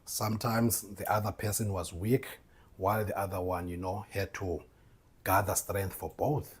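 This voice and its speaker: A man hosting a motivational faith podcast, talking to listeners as "bro" and "man" and bursting into loud laughter. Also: lowish voice, little pitch movement, moderate pace, breathy edge. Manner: tags lines with "bro", "man" and "right?". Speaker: podcast host.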